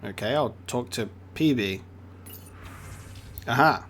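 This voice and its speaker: A man's voice: mid-range voice, expressive, normal speed, gravelly. A man giving casual let's-play commentary, reading game text aloud as he plays. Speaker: gaming streamer.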